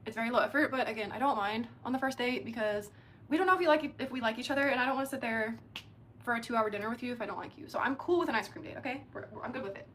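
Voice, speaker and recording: A young adult woman telling a dating story in a casual, animated way, with lots of "like" fillers. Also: fairly high pitch, racing, slight background noise. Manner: chatty, animated, heavy use of filler "like".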